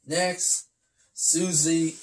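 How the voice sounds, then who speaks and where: A man's voice: fairly high pitch, little pitch movement, drawn-out words. A man co-hosting a podcast, reading out wrestling results in short, plain lines. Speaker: podcast co-host. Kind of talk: casual podcast chat.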